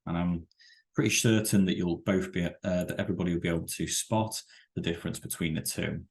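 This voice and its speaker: A man with a low, gravelly voice and a steady tone walks viewers through a web development lesson on a screen-share. His explanations come out halting and self-correcting, thick with fillers.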